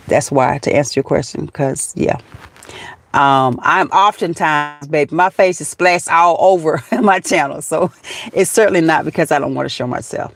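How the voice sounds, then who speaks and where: A woman's voice: low-pitched, no room sound. A folksy woman with a Southern US accent chats casually with her live stream viewers, sprinkling in "baby" and "honey." She is from Georgia and talks from outdoors. Her voice sounds dry, close and plain.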